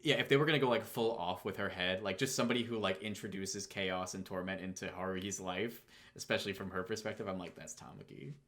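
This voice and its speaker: A man's voice: deep voice, fairly even intonation, fast talker, hardly any pauses, a bit bright. A man co-hosting a podcast, chatting casually and enthusiastically in a rambling way. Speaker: podcast co-host. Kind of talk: casual chat.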